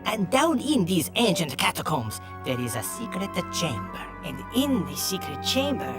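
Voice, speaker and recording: Brief: loud, theatrical cartoon barbers, wide swooping pitch. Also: male voice, wildly swooping pitch, normal speed, exaggerated voice. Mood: secretive. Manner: boisterous, bickering, theatrical. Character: two excitable vegetable barber brothers, middle-aged men. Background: background music.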